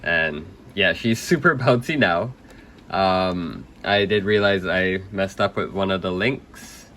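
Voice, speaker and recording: A young man under the weather, casually walking through a hands-on setup at a workbench with lots of ums and throat clearing. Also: low voice, slow, a little hiss or hum. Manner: relaxed, rambling with many ums, clears throat. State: under the weather, slightly hoarse. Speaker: RC hobby video host.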